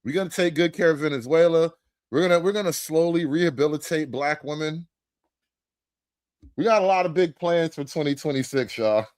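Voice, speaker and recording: A man hosting a casual reaction show, joking crudely and laughing, dropping to low mutters and jumping up loud. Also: fairly quick, no room sound, studio quality. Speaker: show host reacting to a debate.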